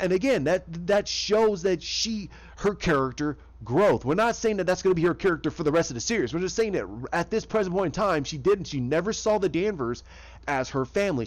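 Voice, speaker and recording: A man giving casual, rambling fan commentary, often restarting sentences and acting out quotes from scenes. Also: sits high.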